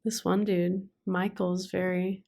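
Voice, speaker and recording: A woman's voice: fairly low pitch, level tone, slow pace, creaky, darkish tone. Young woman, podcast co-host, casual chat, laughs a lot, drifts between topics.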